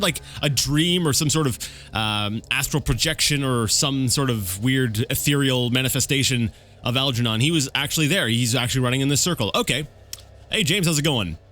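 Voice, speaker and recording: Rambling man with a lively voice. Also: medium pitch. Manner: rambling, thinks aloud, self-correcting. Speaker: let's play gamer. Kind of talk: casual game commentary.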